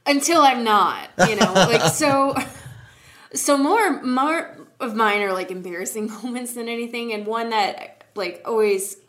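A woman's voice: on the high side, a little slow, a bit bright. A woman co-hosting a casual book podcast, telling self-deprecating stories with frequent laughter and lots of "like.". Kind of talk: casual chat, storytelling.

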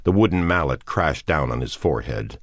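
Very deep-voiced male narrator, measured. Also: animated, no room sound, studio quality. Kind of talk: scripted audiobook narration.

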